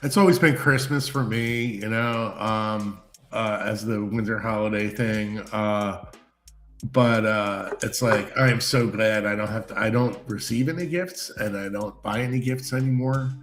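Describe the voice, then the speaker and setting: A man's voice: on the low side, fairly even intonation, measured pace, a bit bright. A man chatting casually, hesitant and full of fillers as he talks about his own holidays. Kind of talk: casual chat. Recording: roomy sound with faint music.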